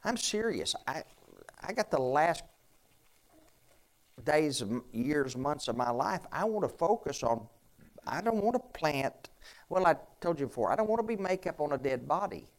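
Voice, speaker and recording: A man's voice: a little high, animated, normal speed, pauses often. A man preaching to his congregation in an earnest, folksy way, often restarting his sentences and asking the room questions. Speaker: pastor. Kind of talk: conversational sermon with questions to congregation.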